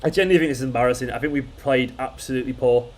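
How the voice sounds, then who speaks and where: A man's voice: medium pitch, very fast, a little mellow, a little hiss or hum. A man hosting a football fan channel, reacting live to a match in an exasperated, swearing rant that keeps repeating itself.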